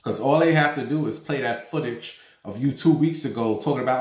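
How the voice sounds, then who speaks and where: A man's voice: mid-range voice, a little fast, darkish tone. A man from New York with a sassy, campy, profane manner, casually chatting about celebrity gossip as the host of his own vlog. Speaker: gossip vlogger. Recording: roomy, echoey home room.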